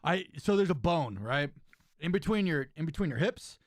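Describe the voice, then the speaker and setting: A man's voice: a little high, moderate pace, no room sound, clean studio sound. A young man, a podcast host who wrestles, telling a story in casual chat with lots of "right?" and "dude.". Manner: animated storyteller, says "right?" and "dude" often.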